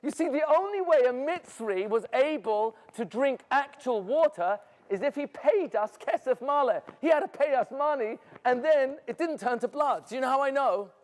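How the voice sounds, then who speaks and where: A man's voice: very high-pitched, lively intonation, normal speed, hardly any pauses, a little mellow. A man telling a dramatic first-person story to students, theatrical and asking his audience questions. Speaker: educator. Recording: echoey hall.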